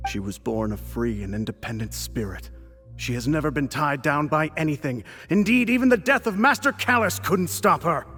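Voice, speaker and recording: An actor playing a protective male ally in a game, calm and reassuring. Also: on the high side, normal speed, big-room sound, faint music behind. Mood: earnest. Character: protective male ally addressing his lady.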